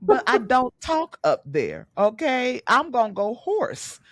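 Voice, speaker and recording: A woman's voice: fairly high pitch, slow pace, dry recording. A woman in her late thirties hosting a podcast, chatting casually and animatedly, laughing often. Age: 30s. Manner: animated, laughs a lot, talks with repeated filler phrases. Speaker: podcast host. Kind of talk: casual chat.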